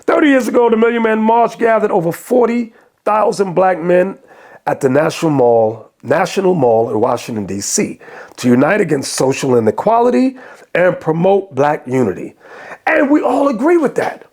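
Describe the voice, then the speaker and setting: A man giving a preaching commentary on video clips, impassioned and quoting scripture, often breaking into shouts. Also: sits high, expressive, normal speed. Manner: quotes and explains scripture. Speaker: religious commentator.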